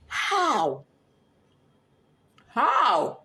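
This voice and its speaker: A grieving Nigerian mother giving a tearful, impassioned testimony, often breaking into shouts and sobs. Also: high-pitched, animated, moderate pace. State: crying, distraught. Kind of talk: emotional testimony.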